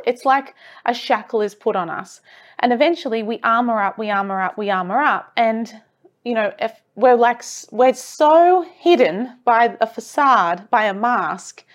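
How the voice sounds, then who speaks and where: A woman talking earnestly as a self-development coach, encouraging the listener and repeating phrases for emphasis. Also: on the high side. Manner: earnest, encouraging, with rhetorical repetition. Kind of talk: motivational monologue.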